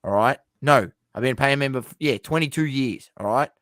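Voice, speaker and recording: A man's voice: medium pitch, brisk, fairly bright tone, dry recording. Blunt Australian man, dry close sound. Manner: blunt, swears freely, repeats himself for emphasis. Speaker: podcast co-host. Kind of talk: casual sports chat.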